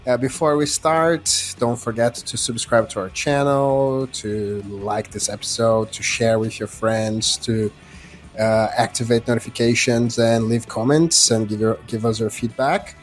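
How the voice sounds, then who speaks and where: Man, host, loose friendly chat, casual podcast talk, medium pitch. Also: steady tone, measured pace, soft background music.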